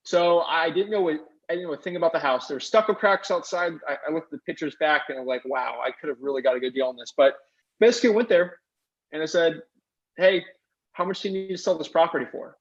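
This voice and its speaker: A young man telling a fast, excited story as a guest, acting out the other people's voices as he quotes them. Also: on the high side. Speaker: guest investor. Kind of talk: animated storytelling. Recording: dull lo-fi sound.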